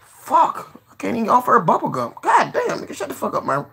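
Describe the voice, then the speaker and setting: A man hosting a casual live stream, joking, cursing freely, laughing often and giving shout-outs to viewers. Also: very high-pitched, huge pitch swings, brisk, vocal fry, breathy edge.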